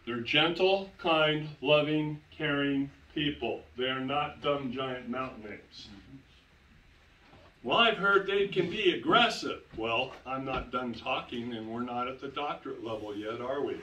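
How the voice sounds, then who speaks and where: A man lectures to a room full of listeners and drives his points home by repeating key phrases. His voice sits at an ordinary middle pitch. He is picked up from well back in a reverberant room. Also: unhurried, hardly any pauses, bright, forceful tone. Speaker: lecturer presenting to an audience. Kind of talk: public lecture with storytelling. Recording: roomy sound, distant from the mic.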